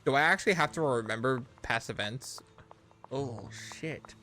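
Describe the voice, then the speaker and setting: A man's voice: mid-range voice, lively intonation, fairly quick, pushed and bright, slight background noise. A man streaming a game on a headset, joking and reading its dialogue aloud in casual commentary. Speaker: gaming streamer. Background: game music.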